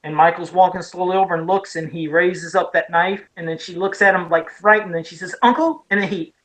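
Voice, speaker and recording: Her voice is on the low side, steady and fairly bright, and she talks briskly, captured in a rough recording. She's a podcast co-host from Ohio, USA, eagerly walking through horror film scenes in casual chat, full of restarts and side comments.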